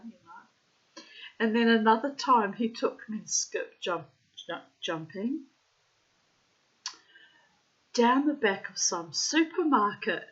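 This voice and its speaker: A woman's voice: a little high, expressive, slow pace, pauses often, muffled recording. A woman telling a story casually, laughing often, swearing freely and acting out the people she quotes.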